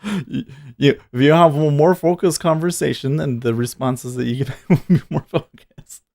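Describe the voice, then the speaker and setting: A man's voice: fairly high pitch, steady tone, normal speed, gravelly, darkish tone, dry recording, clean studio sound. A man hosting a day trading livestream, thinking aloud in a rambling, casual way and laughing often.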